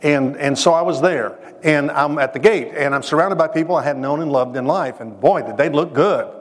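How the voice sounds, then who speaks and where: A man's voice: a little high, moderate pace. A man giving an earnest, emphatic sermon-style testimony and addressing listeners directly. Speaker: speaker. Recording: long hall reverb.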